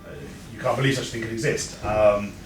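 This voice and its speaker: A man's voice: lowish voice, fairly even intonation, fairly quick, soft background music. A man giving an informal, anecdotal talk to an audience, with frequent restarts. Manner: chatty, anecdotal, with stammered restarts. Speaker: speaker at a breeders' talk. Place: event room with an audience. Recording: echoey room, mic far off, background noise.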